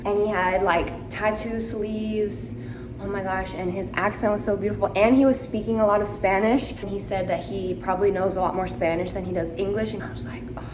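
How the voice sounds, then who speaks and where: Chatting and giggling into a handheld camera, a young adult travel vlogger tells a story in a medium-pitched voice. The casual vlog is recorded in a hotel room and outdoors, so it's echoey, with loud ambient and background noise.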